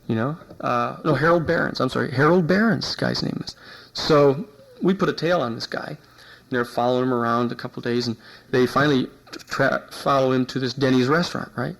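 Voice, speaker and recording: A man giving a university lecture, telling an anecdote in an animated way and acting out the people he quotes. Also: mid-range voice, a little fast, vocal fry, low-quality recording. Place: lecture hall.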